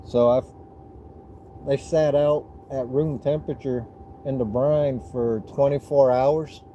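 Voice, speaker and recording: A man with a Southern US accent talks slowly and loosely, restarting his sentences as he explains things to viewers on a live stream. His voice is dark and mellow. The audio is dull and lo-fi, with a faint hum underneath. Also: mid-range voice. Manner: relaxed, rambling explanations with restarts. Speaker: fishing livestream host. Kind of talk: casual livestream chat.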